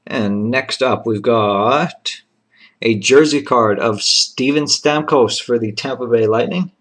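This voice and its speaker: A man of middle pitch hosts a card box break, calling out each pulled card and its serial number at an unhurried pace. He talks in a plain, methodical way, dropping short appreciative remarks when a nice card appears. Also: fairly bright tone. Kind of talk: live card-opening commentary.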